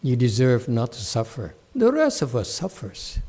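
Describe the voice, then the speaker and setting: A man, a meditation master giving a dharma talk at a temple, scolding a student bluntly, shifting from low, measured speech to loud, high outbursts. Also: wildly swooping pitch, breathy edge.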